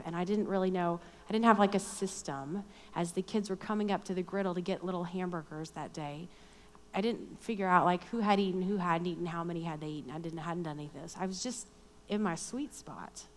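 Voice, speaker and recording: A middle-aged woman telling a personal story in a chatty, self-deprecating way at a Christian conference. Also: on the low side. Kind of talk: storytelling sermon talk. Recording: long hall reverb.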